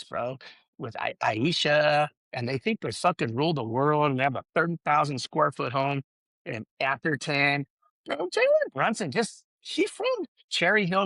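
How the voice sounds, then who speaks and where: A man's voice: on the high side, a bit bright. A middle-aged man rants through a solo podcast in a voice that swoops up and down with feeling. He swears freely, keeps tacking "bro" onto his sentences and trips over restarts as he rambles on. The sound is dry, with no room echo. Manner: ranting and emotional, swears, says "bro" constantly. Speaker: podcast host.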